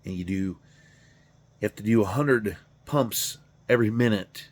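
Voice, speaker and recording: Speaking at normal speed with a lowish voice, the garage channel host drifts through a loose monologue. He's middle-aged, tired and yawning, profane and self-deprecating.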